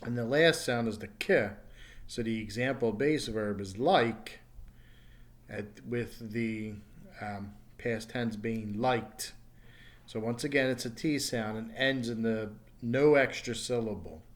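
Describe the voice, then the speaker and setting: Slow, careful male ESL teacher. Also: medium pitch. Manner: slow, careful, repeats sounds for learners. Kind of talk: recorded pronunciation lesson.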